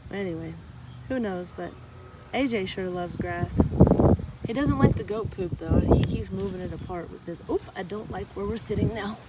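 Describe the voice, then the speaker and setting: A woman's voice: medium pitch, big pitch swings, normal speed, heavy background noise. A woman from Texas telling stories in a casual, chatty vlog, talking to the animals around her. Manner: chatty, storytelling, talks to animals. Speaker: chiropractor vlogger. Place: outdoors on a ranch and in a car.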